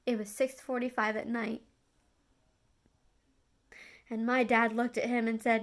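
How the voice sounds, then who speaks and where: Young woman vlogger, slightly high voice, earnest and confiding storytelling, loose with fillers and restarts. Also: little pitch movement, unhurried, pauses often. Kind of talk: emotional personal storytelling.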